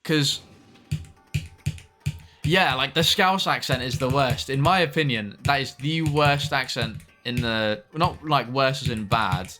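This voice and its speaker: A man's voice: medium pitch, a little slow, sharp tone, faint music behind. A young man chatting casually with viewers while streaming a game, swearing now and then at the game. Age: young adult. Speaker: streamer reading chat.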